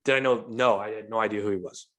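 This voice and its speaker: With a lowish voice and a quick pace, this St. Louis man hosts a podcast and shares a long party story full of cursing. His casual, animated telling includes acting out people's quotes.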